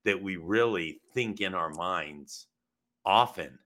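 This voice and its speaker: A man hosting a podcast interview, talking in an animated, casual way with frequent restarts. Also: low-pitched, slow. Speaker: podcast host.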